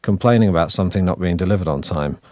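A man with a Manchester accent talks through an interview as a guest actor. His voice sits very low, and he keeps a wry, self-deprecating tone while winding through thoughts with restarts. The sound is dry and close. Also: fast talker, dark tone, no echo. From Manchester, northern England. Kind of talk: relaxed interview chat.

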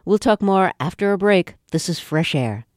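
Measured woman radio host, dry studio. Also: fairly low pitch, animated, darkish tone, dry recording. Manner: measured, hesitant questions. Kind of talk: radio interview. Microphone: studio microphone.

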